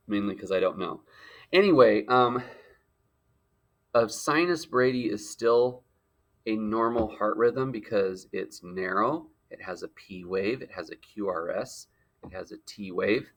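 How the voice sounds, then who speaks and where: A man's voice: fairly low pitch, a bit bright. A male teacher giving a playful lecture with frequent joking asides. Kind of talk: jokey classroom lecture.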